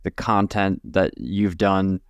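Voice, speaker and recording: A man's voice: low-pitched, fairly even intonation, takes it slowly, smooth, no echo, clean studio sound. A man hosting a podcast interview, asking curious questions and hedging often with "like".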